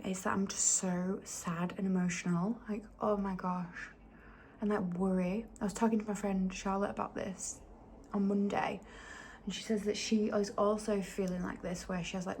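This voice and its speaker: Woman, thirties, diary vlogger, chatty and emotional, faint hiss on the track. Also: mid-range voice. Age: 30s. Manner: chatty, emotional, drops to a hushed near-whisper at times. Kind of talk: casual diary vlog. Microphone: handheld camera.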